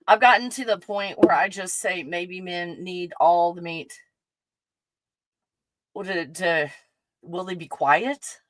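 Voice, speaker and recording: A woman's voice: lowish voice, fairly bright tone, no room sound, low-quality recording. A woman hosting a casual livestream, reading viewer comments and ranting with lots of swearing and laughter. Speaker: livestream host.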